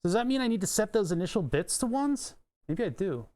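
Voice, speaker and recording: A man's voice: high-pitched, big pitch swings, fairly quick, a little mellow. A man livestreaming electronics work, thinking aloud as he reads code and datasheets, swearing and chuckling now and then. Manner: muttering to himself, swearing, chuckling. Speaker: streamer. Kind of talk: livestream electronics and coding commentary.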